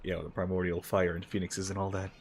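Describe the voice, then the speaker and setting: A man's voice: deep voice, monotone, fairly quick, slight background noise. A man streaming a video game as a VTuber, commenting casually in a joking, offhand way with some swearing. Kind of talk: casual gameplay livestream commentary.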